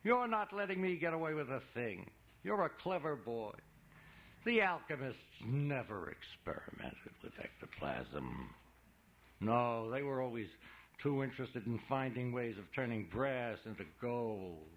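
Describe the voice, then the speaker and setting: A man voicing an excitable male museum guide who talks in theatrical, gushing patter. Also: medium pitch, measured pace, muffled recording. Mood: showman. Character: showy, excitable male museum guide, eager know-it-all.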